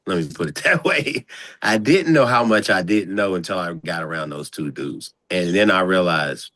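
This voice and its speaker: Male coach guest, deep voice, dry sound, casual, animated and slangy. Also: moderate pace, no echo. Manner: animated, slangy, repeats phrases. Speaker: basketball coach. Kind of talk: casual interview chat.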